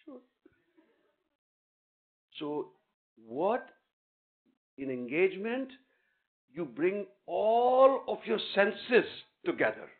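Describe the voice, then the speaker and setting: A man's voice: sits high, big pitch swings, slow, pauses often. A man giving a guest lecture in a hall, teasing and coaxing students up onto the stage. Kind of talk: interactive classroom lecture. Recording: tinny phone-like recording.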